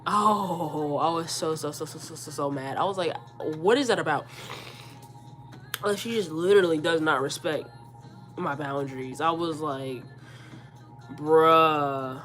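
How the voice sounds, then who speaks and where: A woman in her forties tells a storytime vlog with a congested, stuffed-up voice. Her voice sits a little low. She retells an argument animatedly, quoting herself and her mother, and repeats words as she talks. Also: moderate pace, soft background music. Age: 40s. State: stuffed up, sick. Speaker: vlogger.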